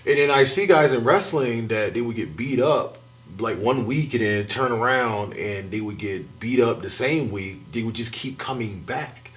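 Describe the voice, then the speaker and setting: A man chatting as a guest on a talk show, animated and laughing often. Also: mid-range voice, normal speed. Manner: animated, laughs often, jumps between thoughts. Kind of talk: casual chat.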